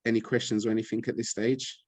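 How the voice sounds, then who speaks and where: A man's voice: medium pitch, flat delivery, fast, a little mellow, dry recording. A man talking on a video call, enthusiastic and rambling, often repeating words. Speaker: guest speaker. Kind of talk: casual webinar talk.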